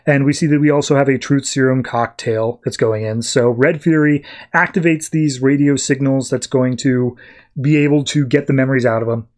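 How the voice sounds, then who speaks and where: A man's voice: mid-range voice, fairly even intonation, normal speed, darkish tone. A man hosting a podcast, recapping comic issues in a chatty, loose way with offhand asides. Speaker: podcast host. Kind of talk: casual comic book recap.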